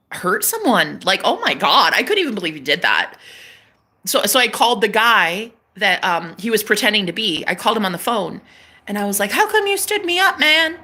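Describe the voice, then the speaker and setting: On a casual livestream, a woman working as a psychic reader chats animatedly, swearing freely and laughing a lot. Her voice is mid-range with a breathy edge.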